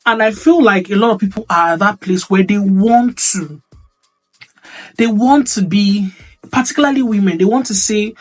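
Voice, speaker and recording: A woman's voice: medium pitch, moderate pace. A woman giving an earnest motivational talk. She repeats her points and keeps checking that the listener understands. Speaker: speaker on womanhood.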